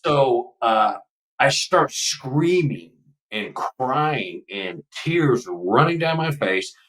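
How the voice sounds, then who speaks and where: A man's voice: medium pitch, expressive, very slow, a bit bright, recorded from a distance, rough recording. A man in his seventies from Texas, a podcast guest telling a personal story in a casual, emotional, rambling way.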